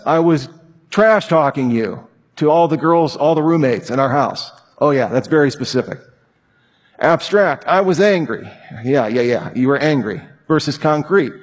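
A man with a slightly husky, fairly high voice teaches a Bible class with animated energy. He acts out example lines as he goes. His voice carries a long hall reverb. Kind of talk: sermon-style teaching talk.

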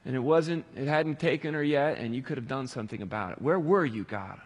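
A man with a husky, slightly breathy voice delivers a sermon, rising to loud pleading cries and sinking to hushed, reflective passages. His words ring out with a long reverb, as in a large hall. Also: mid-range voice, animated, fairly quick. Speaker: pastor.

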